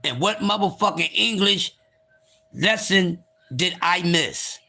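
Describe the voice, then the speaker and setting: A man with a high, bright, sharp voice hosts a live stream and rants with blunt, profane energy. He moves between calm, smooth talk and loud, shouting bursts, repeating himself for emphasis. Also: takes it slowly. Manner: animated, swings from calm to shouting. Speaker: livestream host.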